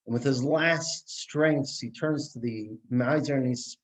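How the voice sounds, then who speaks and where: A man, as a rabbi, giving a Torah class who tells a story with animated delivery and frequent restarts. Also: medium pitch, measured pace, rough recording.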